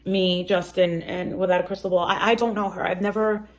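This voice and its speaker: A woman's voice: fairly low pitch, steady tone, a little fast. A woman talking on a live stream, hesitant and full of ums. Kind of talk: casual live chat.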